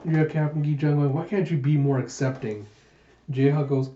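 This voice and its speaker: A man's voice: on the high side, steady tone, brisk, warm tone. Man reading manga aloud, echoey. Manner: narrates panels and reads character lines aloud with playful voices. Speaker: manga reviewer. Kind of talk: animated manga readthrough. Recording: muffled lo-fi echoey room.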